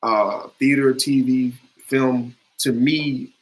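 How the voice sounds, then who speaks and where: A man in a relaxed interview, talking about acting in an earnest, storytelling way. His voice sits at an ordinary middle pitch, and he circles back with fillers and restarts as he thinks aloud. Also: slow pace, rough recording. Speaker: actor, interview guest. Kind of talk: conversational interview.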